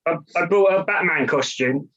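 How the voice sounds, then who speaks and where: A man doing a stand-up comedy set from his own room over a video call, with hesitant one-liners full of ums and pauses. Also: a little high, a bit bright, muffled recording.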